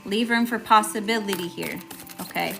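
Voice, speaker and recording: Music plays in the background as a woman with a creaky, medium-pitched voice does a live tarot reading at normal speed. Her tone is chatty and casual; she greets those watching and often asks "okay?"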